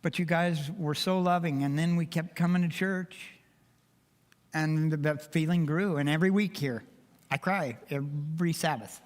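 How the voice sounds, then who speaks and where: In a church sanctuary, an older man with a slightly high voice gives a heartfelt, emotional personal testimony to the congregation at a normal speed. The church hall's long reverb echoes around him.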